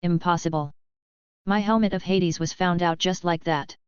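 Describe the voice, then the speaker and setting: A woman's voice: lowish voice, steady tone, moderate pace, clean tone, no room sound, muffled recording, lightly acted. A woman voicing a tired, composed young woman who speaks formally and politely.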